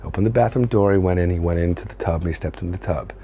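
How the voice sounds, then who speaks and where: A middle-aged man telling a comic personal story in a casual, animated way, swearing freely and acting out what people said. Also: low voice, quick pace, creaky, slight background noise.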